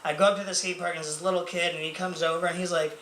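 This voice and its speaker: Racing through a self-mocking, rambling stand-up routine packed with fillers, this young man has a high-pitched, fairly bright voice and a flat delivery. The sound comes from an echoey club room with a little noise.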